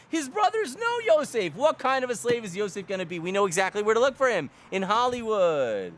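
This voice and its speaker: A man giving a lively Torah lecture, firing rhetorical questions and repeating key lines for emphasis. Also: extremely high pitch, a little fast, few pauses. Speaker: Torah teacher.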